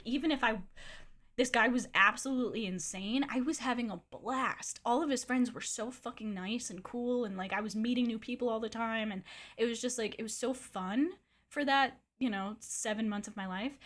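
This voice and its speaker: Laughing, foul-mouthed woman streamer. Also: mid-range voice. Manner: animated, swears a lot, laughs often. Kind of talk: casual storytelling on a live stream.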